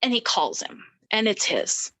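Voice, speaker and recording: A middle-aged woman, a guest on an interview, shares her own story unhurriedly in a medium pitch. She brings it to life by performing the voices of the people she quotes, though the recording sounds poor.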